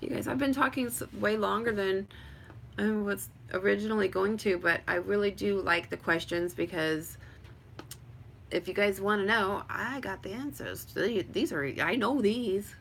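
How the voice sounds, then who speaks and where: A woman vlogger talks loosely to her livestream viewers, full of likes and you-knows. Her voice is bright and forward, with a pitch in the ordinary middle. A faint background noise sits under her home setup. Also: moderate pace, gravelly. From Hobbs, New Mexico. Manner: rambling, chatty, filler-heavy; answers viewer questions with frequent laughs. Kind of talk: casual livestream chat. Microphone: webcam or phone livestream.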